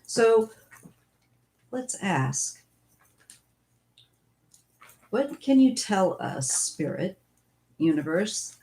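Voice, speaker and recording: A woman's voice: mid-range voice, darkish tone. A woman giving a casual live-stream tarot reading, musing and thinking aloud as she goes. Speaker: tarot reader.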